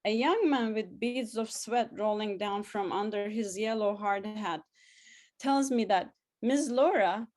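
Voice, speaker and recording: A woman reading her own first-person memoir story aloud, lively and wry, laughing now and then. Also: medium pitch. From abroad, newly arrived student in the story.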